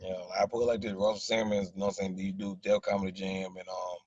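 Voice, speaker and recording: A man's voice: deep voice, level tone, fast, darkish tone, breathy edge, no echo, dull audio. A man with a Southern accent from Arkansas, rambling in a casual live chat with viewers and repeating "you know what I'm saying". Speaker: livestream host chatting with viewers.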